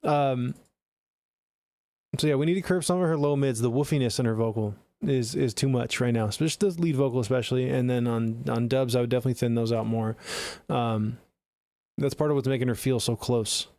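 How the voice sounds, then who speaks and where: A man's voice: mid-range voice, a little fast, dark tone, no room sound. A man streaming live, giving blunt, profane, chatty feedback on listeners' songs into a close studio mic. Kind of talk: casual live-stream critique.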